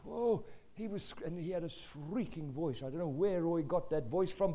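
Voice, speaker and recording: An older man with a South African accent, telling a family story in a lively, animated way with asides. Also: high voice, a little fast. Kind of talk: personal anecdote.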